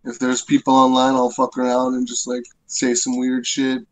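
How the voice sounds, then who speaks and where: A man's voice: medium pitch, completely flat delivery, normal speed, rough recording. A man chatting casually as a podcast guest, laid-back and slangy, still a bit sick.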